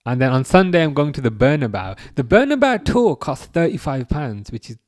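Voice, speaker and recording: A young man streaming a live football watchalong, chatting casually, reading chat messages aloud and reacting with sudden bursts of excitement. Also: mid-range voice, fairly quick, no echo, clean studio sound.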